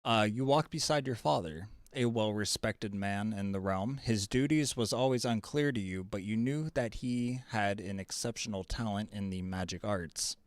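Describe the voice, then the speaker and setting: A man's voice: lowish voice, normal speed, hardly any pauses, dry recording. A man running a tabletop game as game master, narrating loosely with fillers and self-corrections.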